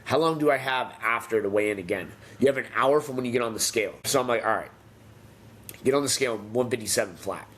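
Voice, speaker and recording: A man's voice: medium pitch, fast. A young man, a professional fighter, telling stories from his career in a casual interview, swearing freely and acting out what others said. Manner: animated, profane, acts out quoted voices. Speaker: pro MMA fighter, interview guest. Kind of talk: casual storytelling.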